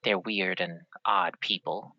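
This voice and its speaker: A man voicing a clawed female warrior for a tabletop game, speaking in a formal, courteous, measured way. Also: sits low, fairly even intonation, dry recording, lo-fi sound.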